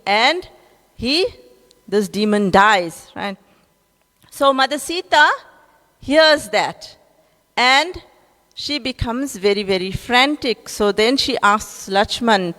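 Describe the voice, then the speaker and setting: A woman's voice: a little high, lively intonation, slow, long pauses, fairly bright tone, long reverb tail. A woman with a South African accent telling a scripture story in a class. She keeps checking in with her listeners, asking "right?" after each point.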